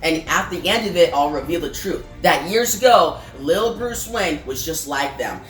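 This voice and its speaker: Woman putting on a low taunting clown villain. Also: animated, moderate pace. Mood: gloating. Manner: taunting, gloating. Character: menacing male clown villain monologuing. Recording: roomy room, faint music.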